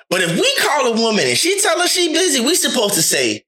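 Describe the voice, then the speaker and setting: A man chatting casually, animated and acting out the voices of the people he quotes. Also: extremely high pitch, fast. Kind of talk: casual chat.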